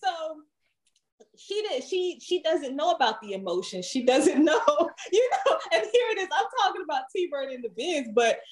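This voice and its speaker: A woman singer, a guest on a podcast, chatting casually and telling lively stories full of laughter and acted-out quotes. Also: sits high, moderate pace. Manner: lively storyteller, laughs often, acts out quotes.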